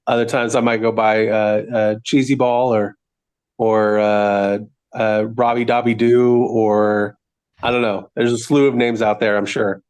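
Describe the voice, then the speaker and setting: A man's voice: lowish voice, little pitch movement, a little slow, a little mellow, clean tone. A man talking as a guest among old friends, hesitant and full of fillers. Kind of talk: casual chat.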